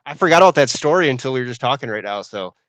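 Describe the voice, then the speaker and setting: A young adult man co-hosting a podcast, telling stories in a casual, animated way and saying "dude" a lot. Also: mid-range voice, racing, no echo. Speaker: podcast co-host. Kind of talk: casual chat.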